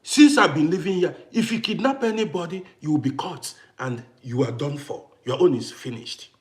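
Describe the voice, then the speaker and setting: Vlogger, male, parent of adult kids: high voice that swings widely, hammers each point home. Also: expressive, moderate pace. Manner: emphatic, repetitive, challenging. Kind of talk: ranting to camera. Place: living in Austria.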